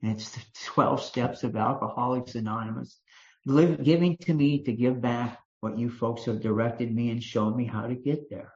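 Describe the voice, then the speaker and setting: An older Kentucky man with a Kentucky accent speaks at a recovery meeting in a medium-pitched, steady voice at moderate pace. He tells a folksy personal story full of restarts and fillers, captured in a dull, lo-fi meeting recording.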